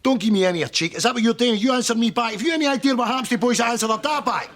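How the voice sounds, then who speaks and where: A man's voice: very high-pitched, rapid-fire, a bit bright. An actor with a Scottish accent playing a stern, melodramatic working-class father who scolds his son. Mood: scolding.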